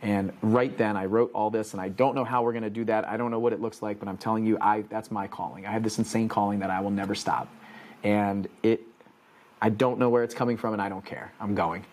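Earnest motivational man, lowish voice. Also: fairly even intonation, brisk, a little mellow. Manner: earnest, preaching, repetitive emphatic phrasing. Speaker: podcast host. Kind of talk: motivational podcast monologue.

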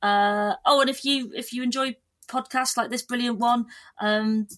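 A woman guest on a podcast, chatting casually in a lively, animated way with frequent restarts. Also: a little high, normal speed. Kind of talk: casual chat.

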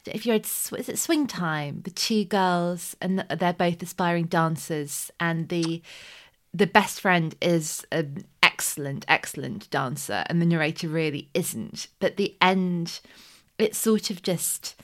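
A woman's voice: lowish voice, measured pace, a bit bright. A woman hosting a podcast, chatting casually and musing aloud, often trailing off mid-thought. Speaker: podcast host. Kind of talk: casual chat about books.

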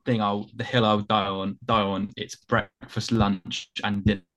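A man's voice: fairly low pitch, little pitch movement, a little slow, fairly bright tone. A man from England appearing as a podcast guest, giving firm opinions in casual chat.

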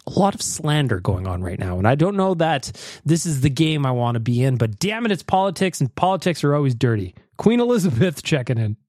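A man's voice: a little high, very animated, a little fast, a little mellow, dry recording, studio quality. Jokey man hosting a podcast. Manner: jokey and playful, radio-host patter. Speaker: podcast host. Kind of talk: casual podcast chat reading voicemails. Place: podcast studio.

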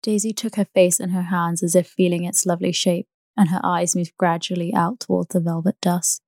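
A woman reads a classic novel aloud as a bedtime sleep story. Her voice sits low and soft, and her reading is even and unhurried. The recording is close and dry, with no room sound. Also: creaky, no room sound. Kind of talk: calm scripted book reading.

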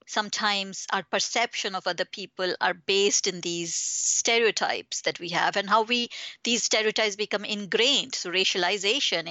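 A woman's voice: mid-range voice, sharp tone, no room sound, highs cut off. A woman author answering interview questions in an earnest, reflective way, building her points step by step.

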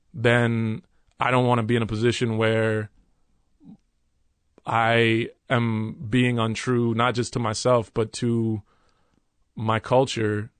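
A man as an interview guest, candidly recounting a workplace conflict in an earnest, halting way with many restarts. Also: medium pitch, no echo.

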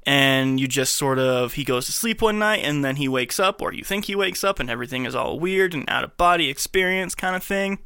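A man co-hosting a podcast in casual chat, jokey and quick to laugh. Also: on the high side, animated, sharp tone, smooth, no echo, studio quality. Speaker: podcast co-host.

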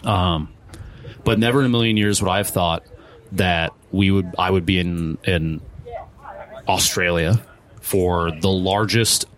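A man's voice: sits low, steady tone, a little slow, long pauses. A man, a pro streamer, giving a long, rambling interview answer with many restarts and quoted asides. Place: event venue.

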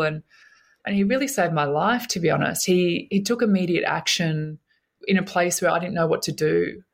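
A woman's voice: on the low side, normal speed, gravelly. A woman, a guest telling her own story in an interview, earnest and emotional, often repeating her words.

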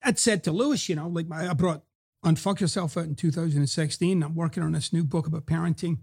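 A gravelly-voiced middle-aged man with a hybrid Scottish-American accent hosts his own podcast. He delivers a motivational monologue in a blunt, profane, emphatic way. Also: on the high side, quick pace, a little mellow. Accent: Scottish mixed with American. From Scotland. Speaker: podcast host.

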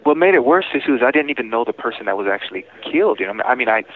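A man's voice: mid-range voice, lively intonation, very fast. A man recounting his past over the phone, hesitant and restarting his sentences often. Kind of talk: phone interview. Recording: tinny prison phone line.

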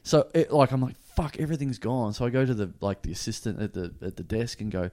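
A man hosting a podcast, telling a story in a casual, sweary, animated way and acting out every voice in it. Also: mid-range voice, fast, hardly any pauses. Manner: animated, sweary, acts out both sides of a story. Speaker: podcast host.

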